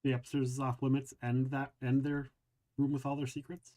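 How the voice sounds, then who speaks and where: A man's voice: mid-range voice, little pitch movement, moderate pace, mellow. A man playing in a tabletop role-play, asking casual questions. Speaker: player.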